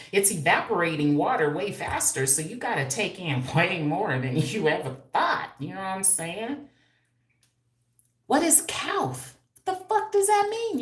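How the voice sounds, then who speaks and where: A woman of fifty hosting a casual livestream from home, brash and profane and laughing often as she reads viewer comments. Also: medium pitch. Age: 50s. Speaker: hairstylist and livestream host. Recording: echoey room.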